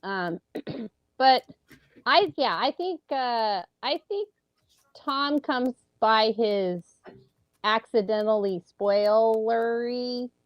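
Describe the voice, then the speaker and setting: Woman, podcast co-host, casual chat, animated, dry. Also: on the high side, slow pace, no room sound, dull audio.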